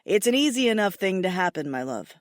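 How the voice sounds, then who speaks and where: A woman voicing a stern male dragon lord who teases his mate in a low, coaxing voice in an audiobook. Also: very animated, a little fast, no echo, studio quality, close to an everyday voice. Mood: teasing. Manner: low, coaxing, often laughing.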